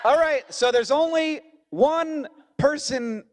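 An American man from Florida co-hosting a podcast in casual, animated chat, laughing often. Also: takes it slowly, a faint crowd, slight background noise. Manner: animated, laughs often, swings into high exclaims. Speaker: podcast co-host.

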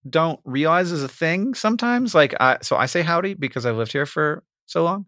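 A podcast host chatting casually, rambling through animated stories and acting out quotes. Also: male voice, a little high, moderate pace, no echo, studio quality.

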